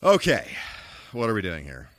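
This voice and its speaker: Animated man streaming a retro game. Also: lowish voice, normal speed, no room sound. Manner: animated, goofy exclamations and mock-formal asides. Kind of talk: live gameplay commentary.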